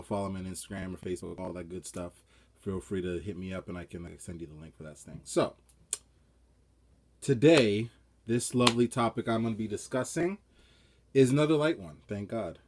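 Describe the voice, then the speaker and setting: A man hosting his own vlog, talking casually in a rambling, chatty way that often trails off quietly. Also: fairly low pitch. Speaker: vlog host.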